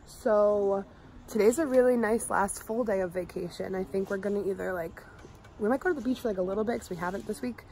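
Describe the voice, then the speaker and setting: A woman's voice: mid-range voice, brisk, a little mellow, slight background noise, rough recording. A young woman in her twenties vlogging casually from a family vacation, chatty and giggly, with many "like"s. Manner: chatty, giggly, says "like" often. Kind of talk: casual vlog chat. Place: outdoors at a beach and indoors at a vacation home. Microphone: handheld vlogging camera.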